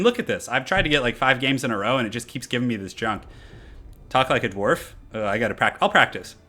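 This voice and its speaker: A man's voice: medium pitch, bright, forceful tone. A young man chatting casually on a live game stream, upbeat and chatty as he answers comments from his viewers at his home computer.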